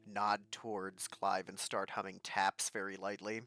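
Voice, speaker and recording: A man with a low, gravelly voice narrates his character in a tabletop role-playing game. He sometimes drops to a whisper for side remarks. Music can be heard clearly behind him. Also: little pitch movement, unhurried, sharp tone.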